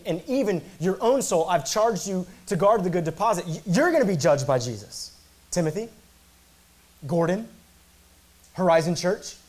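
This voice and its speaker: A man's voice: high-pitched, darkish tone. A male pastor preaching an earnest sermon, emphatic, repeating words and slipping in casual asides.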